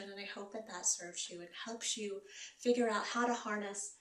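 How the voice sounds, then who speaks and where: A woman host and wellness coach giving gentle, encouraging advice to her viewers. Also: mid-range voice, normal speed. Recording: roomy echo, voice from a distance.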